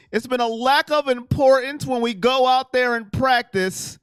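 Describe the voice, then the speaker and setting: Animated high-voiced male stream host. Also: a little slow, clean tone, no echo, studio quality. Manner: animated, reads chat aloud and reacts. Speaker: sports live-stream host. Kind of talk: casual live-stream chat.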